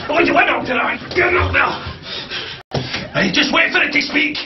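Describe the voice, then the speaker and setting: A furious Scottish lift passenger. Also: male voice, high voice, sing-song, normal speed, over music. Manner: indignant, shouting often. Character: exasperated Scottish man stuck in a lift. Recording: dull sound with audience laughter.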